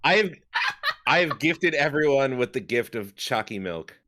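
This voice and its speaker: A man's voice: medium pitch, lively intonation, measured pace, background noise. A young adult man streaming live, joking around with silly repeated catchphrases. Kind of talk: casual live-stream chat.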